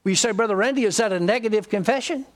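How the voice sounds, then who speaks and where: Rapid-fire and high-voiced, this middle-aged pastor from Georgia preaches a sermon in a Southern American accent. He leans on folksy, humorous storytelling throughout.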